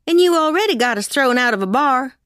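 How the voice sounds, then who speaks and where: A man's voice: extremely high pitch, lively intonation, a little fast, pushed and bright, clear, resonant tone, dry recording, pitched above the performer's own voice, heavily acted. A man voicing a sensible female hare companion who scolds with dry wit. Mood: wry scolding. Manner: wry, scolding.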